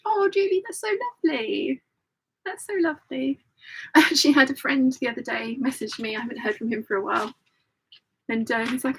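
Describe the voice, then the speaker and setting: A woman's voice: fairly high pitch, animated, a little fast, fairly bright tone, slightly rough, low-quality recording. A middle-aged woman hosting a casual live-stream chat, telling funny stories and laughing often. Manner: chatty storytelling, laughs often. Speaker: host.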